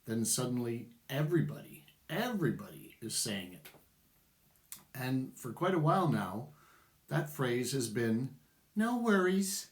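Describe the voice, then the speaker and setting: Slow-talking middle-aged man, wry opinions. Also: medium pitch, animated, reverberant. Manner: opinionated, conversational, chuckles wryly. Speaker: vlogger. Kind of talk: casual commentary to camera.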